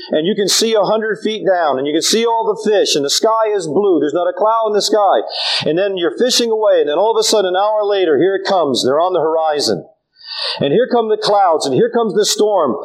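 An older man preaching a sermon, animated and folksy, telling stories with humor. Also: sits high, rough recording. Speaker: pastor.

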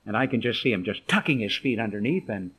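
A middle-aged man preaching a sermon, telling a scripture story dramatically, dropping to soft murmurs and rising to emphatic lines. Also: on the low side, animated, fast talker, breathy edge.

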